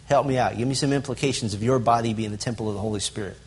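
Talking at a racing pace in a mid-range, slightly rough voice, a man leads a group Bible lesson. He asks the room questions and stresses his lists emphatically.

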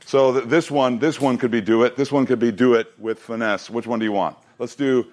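Man preaching slowly to a youth group. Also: medium pitch, fairly even intonation, darkish tone. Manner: slow and emphatic on the recited lines, joking asides. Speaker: student ministry pastor.

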